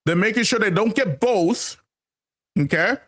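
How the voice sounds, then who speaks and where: A man's voice: sits high, animated, a little slow, fairly bright tone. A man hosting a casual commentary monologue, emphatic and repetitive, calling his viewers family and laughing often. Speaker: channel host.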